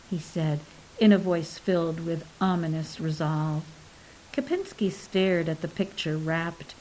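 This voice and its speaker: Slow, measured woman narrating a novel. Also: medium pitch, warm tone, low-quality recording. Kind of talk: audiobook narration.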